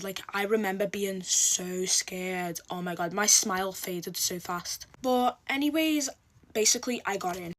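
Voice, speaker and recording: A woman telling a personal story in casual storytime chat, expressive and full of "like". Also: mid-range voice. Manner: chatty, expressive, heavy use of "like", acts out quotes. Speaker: storytelling vlogger.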